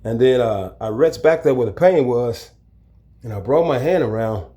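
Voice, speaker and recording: Mellow-voiced man telling a prison story. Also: mid-range voice, normal speed. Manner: animated, acts out the people in his story, chuckles. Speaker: storyteller recounting his prison time. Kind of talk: casual spoken storytelling to camera.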